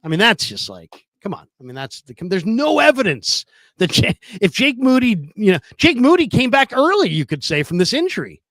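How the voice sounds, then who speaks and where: A man co-hosting a casual sports debate, his voice sitting a little high for a man. He argues by firing questions back and often restarts his sentences. The sound is dry and close, with no room around it. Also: big pitch swings, normal speed, a bit bright, dry recording. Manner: argumentative, questioning, many restarts. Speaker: podcast co-host.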